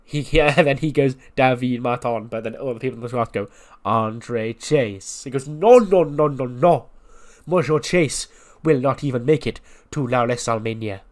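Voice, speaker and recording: A man voicing a blustering French wrestling teacher in a put-on French accent, loud and theatrical, stretching his words. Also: medium pitch, steady tone, moderate pace, natural voice. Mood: pompous.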